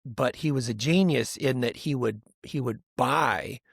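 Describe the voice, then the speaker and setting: A man co-hosting a podcast in casual chat, rambling and animated, often mimicking other people's voices for laughs. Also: mid-range voice, a little slow, vocal fry, breathy edge, dry recording, clean studio sound. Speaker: podcast co-host.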